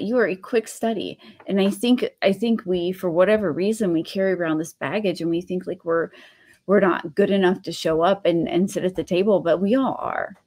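A woman's voice: medium pitch, a little mellow. A middle-aged woman hosting a craft channel, telling a personal story in a rambling, casual way with many restarts.

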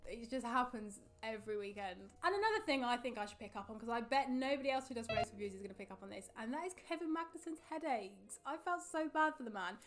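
A young woman giving a chatty, excitable race review in a casual vlog monologue. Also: fairly high pitch, fast talker, few pauses. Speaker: motorsport vlogger.

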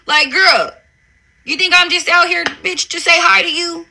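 Woman, livestream rant, confrontational, profane, high pitched, very bright tone. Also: a little slow, gravelly. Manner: profane, confrontational, repeats "bitch" constantly. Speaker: reality TV personality on a livestream. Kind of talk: angry ranting livestream.

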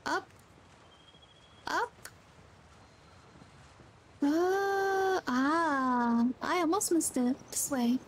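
A woman livestreamer chats casually while playing a game, musing aloud at an unhurried, easygoing pace. Her voice is high, and she sounds a bit drowsy and yawny. There's a little hiss or hum in the audio.

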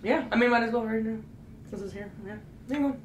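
A woman's voice: on the high side, quick pace. A young woman vlogger chatting casually and playfully while taste-testing food, often breaking into giggles. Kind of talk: casual chat. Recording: echoey room with faint hum.

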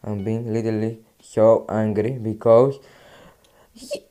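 A man's voice: medium pitch, sing-song, slow pace, dark tone, clear, resonant tone. A young man with a Greek accent, commentating his own gameplay and swinging between frustrated mutters and outbursts. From Greece. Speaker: gaming YouTuber.

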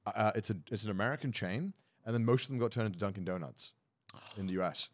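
A man hosting a casual group chat, blunt and quick to swear. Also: lowish voice. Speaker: podcast host.

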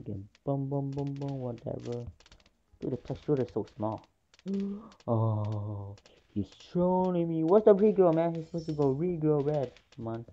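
A woman chatting excitedly through live gameplay commentary, swinging between groans and gloating. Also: very deep voice, muffled recording. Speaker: gaming channel host.

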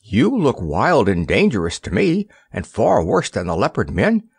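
A man's voice: lowish voice, wildly swooping pitch, normal speed, creaky, husky, no echo, clean studio sound, full character voice. A man voicing a proud, haughty little boy prisoner who speaks sternly and with dignity. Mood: weary.

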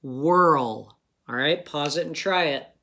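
Slow, patient man teaching phonics. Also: fairly high pitch, expressive, a bit bright. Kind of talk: phonics lesson for young children.

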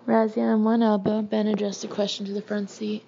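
A woman reading a novel aloud in a steady, measured way, now and then clearing her throat. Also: medium pitch, highs cut off, slight background noise. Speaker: audiobook reader.

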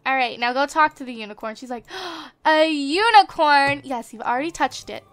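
Bright, high-pitched woman gaming host. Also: fairly quick, no echo. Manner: chatty and excitable, gasping at surprises. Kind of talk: casual let's play commentary. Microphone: desktop USB microphone.

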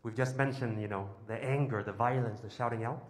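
A man's voice: medium pitch, steady tone, a little fast. Emphatic male priest in an echoey church. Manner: emphatic, with rhetorical questions and lists. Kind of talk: homily.

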